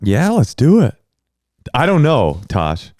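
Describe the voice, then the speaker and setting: Lively-pitched man telling funny stories. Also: slow, dry recording, clean studio sound. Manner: animated storyteller, acts out quotes. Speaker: podcast co-host. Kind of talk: casual comedic chat.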